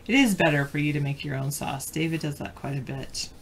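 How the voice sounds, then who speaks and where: A woman's voice: low-pitched, a little fast, creaky, a little hiss or hum. A woman co-hosting a live stream in casual chat, answering viewers and reading trivia questions aloud. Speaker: co-host and trivia reader.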